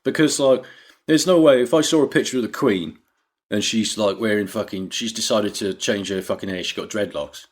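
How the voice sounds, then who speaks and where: Male podcast co-host, lowish voice, rambling and sweary banter. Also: brisk. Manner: rambling, sweary, laughs easily. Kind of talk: casual comedy chat.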